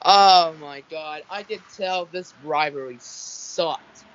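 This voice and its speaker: A man's voice: fairly high pitch, takes it slowly, fairly bright tone, clean tone. Ranting young guy, lo-fi audio. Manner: ranting, swears a lot, restarts. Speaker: podcast panelist. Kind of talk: casual chat. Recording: dull lo-fi audio.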